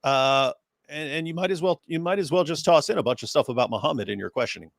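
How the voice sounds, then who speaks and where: Man hosting a panel, halting speech. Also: on the high side, gravelly, no room sound, clean studio sound. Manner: halting, many fillers and restarts. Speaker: show host. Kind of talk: casual panel discussion.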